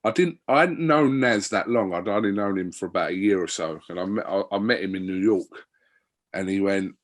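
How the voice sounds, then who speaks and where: Low-voiced man telling stories. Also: brisk. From Wickford, England. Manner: relaxed storytelling, many fillers. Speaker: guest. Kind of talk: casual interview chat.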